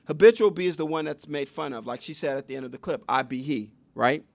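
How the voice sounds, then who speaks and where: A man's voice: a little high, vocal fry, no room sound. A man giving a public lecture on education, teaching conversationally and asking the audience rhetorical questions. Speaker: education speaker.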